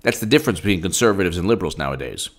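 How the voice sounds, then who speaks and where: A man's voice: deep voice, expressive, rapid-fire. A man giving political commentary in a solo video, combative and rambling, with asides and quotes read from his phone.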